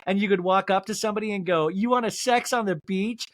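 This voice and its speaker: A man voicing a giddy, raunchy older woman reality star in a mocking falsetto. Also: quick pace, no room sound, studio quality, natural voice. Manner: squealing mock falsetto.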